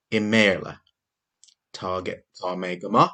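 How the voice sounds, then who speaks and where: A low-voiced man teaches a class over a video lesson. He speaks slowly and clearly, patient, pausing to ask his pupils questions. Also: animated, fairly bright tone.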